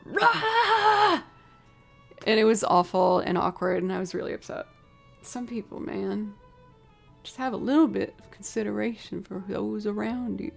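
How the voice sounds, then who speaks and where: A woman's voice: medium pitch, steady tone, normal speed, vocal fry, a little mellow, soft background music. A woman chatting casually with her livestream viewers, telling a story and acting out both sides of the conversation. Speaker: livestream musician. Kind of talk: casual chat with live stream viewers.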